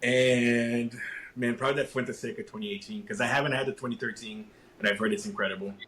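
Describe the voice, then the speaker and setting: A man as a podcast guest, answering casually and thoughtfully with hesitant pauses. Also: medium pitch, steady tone, fairly bright tone. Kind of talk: casual interview chat.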